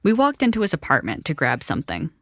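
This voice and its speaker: A woman reporter narrating a documentary story in a measured, wry storytelling voice. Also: low voice, wildly swooping pitch, fairly bright tone, dry recording, clean studio sound.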